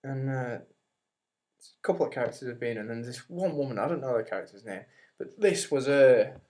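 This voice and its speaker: A man's voice: mid-range voice, expressive, moderate pace, a little mellow. Rambling young man telling a story. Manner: rambling storyteller, frequent "like", swears casually. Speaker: podcast co-host. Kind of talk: casual chat. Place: home, recorded on webcam. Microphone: webcam microphone.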